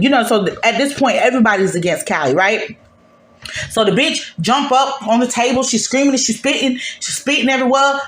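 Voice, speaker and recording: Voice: mid-range voice, fairly bright tone, reverberant. A host giving a casual gossip recap of a reality show in a sassy, profane, emphatic way.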